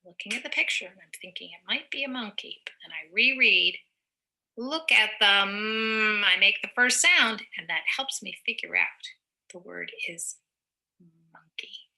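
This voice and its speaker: A woman reads a picture book aloud to young children in a slow, encouraging teacher's voice. Her tone is very bright and forward, with a gravelly fry running through it. She pauses now and then to explain words in simple terms. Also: medium pitch, lively intonation.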